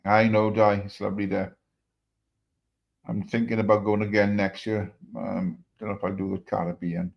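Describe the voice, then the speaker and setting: A man's voice: on the low side, little pitch movement, moderate pace, gravelly, dull audio. A man hosting a live stream, chatting casually and swearing, talking straight to his viewers. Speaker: stream host.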